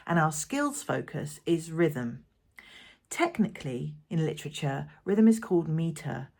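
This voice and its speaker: Low-voiced woman teaching poetry calmly. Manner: patient, clear, slows to sound out syllables. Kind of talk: instructional video narration.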